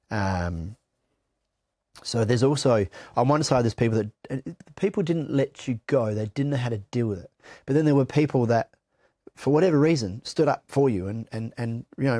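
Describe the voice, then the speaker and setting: A man's voice: medium pitch, normal speed, dark tone, no room sound, studio quality. A middle-aged Australian man giving blunt, candid personal testimony in an interview, swearing freely and often restarting his sentences. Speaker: interview guest.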